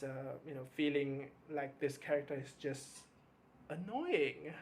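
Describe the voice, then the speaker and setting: Hesitant, chatty book vlogger. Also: mid-range voice. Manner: hesitant, with frequent stammered restarts and fillers; candid and mildly exasperated about books. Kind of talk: casual book review chat.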